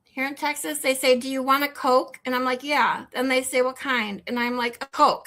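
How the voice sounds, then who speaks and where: A woman with a Michigan accent, hosting a livestream and chatting casually with her viewers, animated and rambling, often incredulous. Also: high voice, moderate pace. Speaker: livestream host. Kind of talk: casual chat with live chat. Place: home in Texas.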